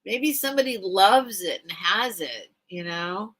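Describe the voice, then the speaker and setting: A woman's voice: mid-range voice, lively intonation, measured pace, fairly bright tone, rough recording. A middle-aged woman hosting a late-night live sale stream, chatting casually and emotionally as she reacts to viewer comments.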